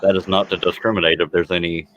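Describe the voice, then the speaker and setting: A man's voice: deep voice, little pitch movement, fast, a bit bright, muffled recording, a little hiss or hum. A man on a chat panel trading playful jokes in casual banter. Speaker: panel member.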